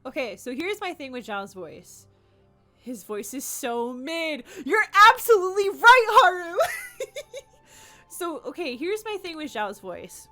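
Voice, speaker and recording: A young woman streamer giving casual, animated gaming commentary, ranting and giggling. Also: high voice, unhurried, soft background music.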